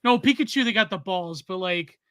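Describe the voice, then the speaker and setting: A man chatting as a podcast guest, rambling through quick tangents and laughing often. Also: sits high, fairly bright tone, clean tone, no echo. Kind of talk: casual chat.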